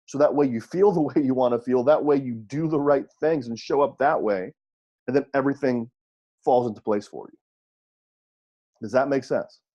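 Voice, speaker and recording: Husky-voiced man coaching in a seminar. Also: mid-range voice, normal speed, warm tone, dull audio. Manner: checks in with rhetorical questions; repeats points for emphasis. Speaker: wrestling coach. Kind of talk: audio seminar talk.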